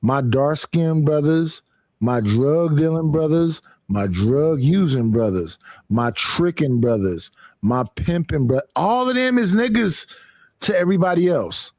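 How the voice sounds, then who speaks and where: A man on a talk show, somewhat high-voiced, telling profane stories that he acts out as he goes. His voice sounds dry and close to the microphone, with no room around it. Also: a little slow, no echo. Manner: profane, animated storytelling with acted quotes. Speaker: podcast host. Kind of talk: casual storytelling.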